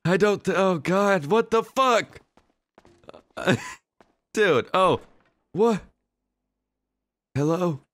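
Slow-talking man cracking up, swearing. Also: high-pitched, expressive, fairly bright tone. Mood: chatty. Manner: helpless laughter, heavy swearing. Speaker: role-play streamer. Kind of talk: game role-play, often breaking character.

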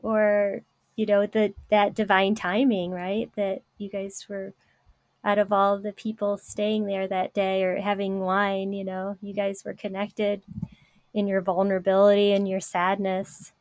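A woman interviewer sums up her guest's story in a level, even tone, hardly rising or falling. She sounds close and dry, with no room around her. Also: measured pace, no echo. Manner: reflective, affirming, few pitch swings. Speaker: interview host. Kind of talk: casual interview.

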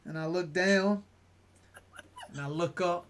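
A man hosting a podcast, telling a story in a casual, animated way and tagging "right?" onto his lines. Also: high-pitched, slow pace. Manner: animated, acts out quotes, keeps adding "right?". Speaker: podcast host.

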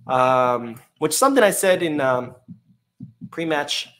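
A man's voice: on the high side, expressive, a little slow, a bit bright. A man hosting a casual live-stream podcast, reading chat comments in a loose, chatty way with many fillers.

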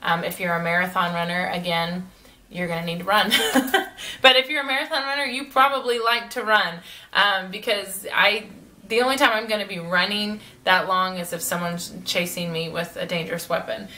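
A woman's voice: medium pitch, fairly even intonation, normal speed, sharp tone. A woman vlogger chatting casually to her viewers, rambling and giggling as she goes. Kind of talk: casual chat to camera.

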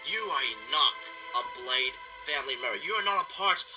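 A man voicing an arrogant younger male wrestler who boasts and sneers, with loud music behind. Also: fairly high pitch, expressive, normal speed, close to an everyday voice, rough recording. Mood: smug.

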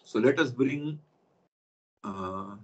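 Husky-voiced man teaching an online class. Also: medium pitch, very slow, a little mellow, muffled recording. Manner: explains step by step, stops to check with students.

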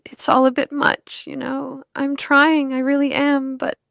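A woman voicing a vulnerable, heartbreaking character who speaks quietly and hesitantly with trembling sniffles. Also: high-pitched, completely flat delivery, a little slow, vocal fry, heavily acted. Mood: tearful. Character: tearful, vulnerable person on the verge of giving up.

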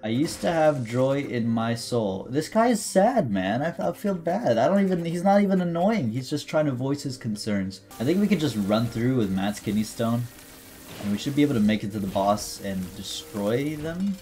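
A man's voice: mid-range voice, big pitch swings, normal speed, dark tone, soft background music. A man giving casual, jokey commentary over his gameplay, reading item descriptions aloud and talking back to the game's character. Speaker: gaming YouTuber.

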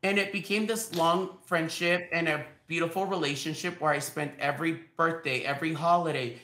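Bright-voiced man telling stories in an echoey room. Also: on the high side, brisk, slight background noise. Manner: animated, laughs often, acts out quoted dialogue. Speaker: guest, realtor. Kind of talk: anecdotal storytelling.

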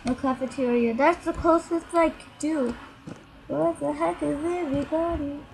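A woman giving casual gameplay commentary, excitable and quick to protest out loud. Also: high-pitched, creaky, a little hiss or hum, poor audio. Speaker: gamer.

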